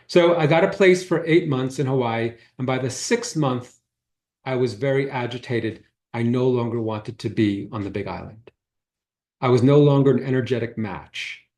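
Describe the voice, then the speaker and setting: A man's voice: medium pitch, moderate pace, darkish tone. A man, a holistic healer, giving a talk and telling an earnest, reflective story about his own past. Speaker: holistic healer teaching a workshop. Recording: roomy echo.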